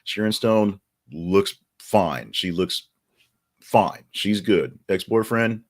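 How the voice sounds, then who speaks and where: A man with a very low, deep voice talks through the day's headlines in a loose, rambling way. He fills gaps with ums and uhs and drops in wry asides as a podcast host. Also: a little slow. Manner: rambling and chatty, many fillers, wry asides. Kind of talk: casual news commentary.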